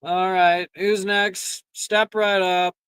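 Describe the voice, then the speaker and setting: A game master voicing an unimpressed carnival barker man with a deadpan, sighing delivery. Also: medium pitch, takes it slowly, smooth, dry recording, pitched above the performer's own voice.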